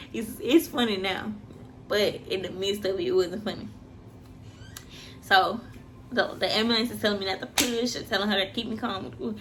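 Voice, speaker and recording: Young woman telling a story, talks in a middling pitch, gets loud then hushed, faint room hum. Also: normal speed. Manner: animated, acts out quoted voices with big pitch jumps. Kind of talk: casual personal storytelling.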